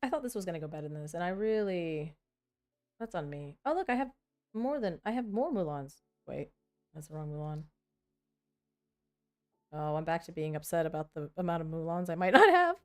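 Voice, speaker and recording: A woman's voice: on the low side, big pitch swings, soft background music. A woman talking casually to her viewers as she sorts a pile of trading cards, rambling and poking fun at herself. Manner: rambling, self-mocking, quick mock dialogues. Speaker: content creator building a card deck. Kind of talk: casual vlog chatter while sorting cards.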